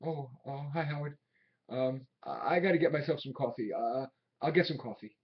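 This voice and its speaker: An actor playing an aging, desperate traveling salesman in his sixties, pleading with his boss and swinging between quiet memories and angry outbursts. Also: medium pitch, normal speed, slightly rough, close to an everyday voice. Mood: shaken. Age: 60s. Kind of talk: film drama acting. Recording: dull old film soundtrack.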